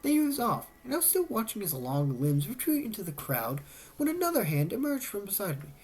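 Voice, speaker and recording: A woman reading a novel aloud as a narrator, telling the story with lively shifts and voiced dialogue. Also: mid-range voice, brisk. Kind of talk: audiobook-style reading.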